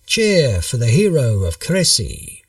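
Storybook king, man reading it, slow, rousing, a bit far from the mic. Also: mid-range voice, wildly swooping pitch, no echo, clean studio sound, exaggerated voice. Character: proud medieval English king, male, commanding.

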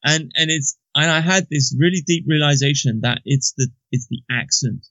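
A gravelly-voiced man from Britain talks through his thoughts in a relaxed conversation. He is reflective and halting, often circling back to restart a phrase. The recording is dull and lo-fi, close and dry. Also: a little high, dry recording. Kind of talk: casual conversation.

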